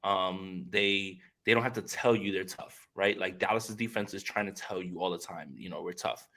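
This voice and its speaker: A man's voice: sits low, fairly even intonation, moderate pace, pushed and bright. A man co-hosting a casual live-stream sports podcast, upbeat and talking straight to the viewers. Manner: upbeat, keeps addressing viewers directly. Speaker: podcast co-host.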